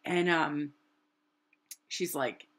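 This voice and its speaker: A woman in her thirties from New Hampshire telling a personal story in a rambling, animated way with lots of fillers. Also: deep voice, drawn-out words. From New Hampshire, USA. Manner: animated, rambling, many "like" fillers, acts out quotes. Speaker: artist and vlogger.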